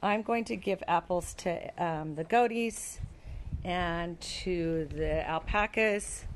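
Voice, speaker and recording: Casual farm vlogger, woman, unhurried, warm baby-talk with her animals, recorded outdoors with background noise. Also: on the low side.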